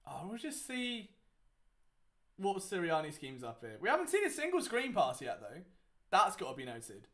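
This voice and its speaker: The voice sits high and a bit bright, with wildly swooping pitch at a moderate pace. It belongs to a young man hosting a casual live watchalong, rambling chattily through the game with lots of fillers.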